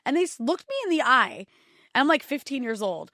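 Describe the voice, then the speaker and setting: A woman from Lebanon with a fairly high voice talks casually as a podcast guest. She tells her stories in an animated way and laughs often. The sound is dry and close. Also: brisk, dry recording. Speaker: guest journalist.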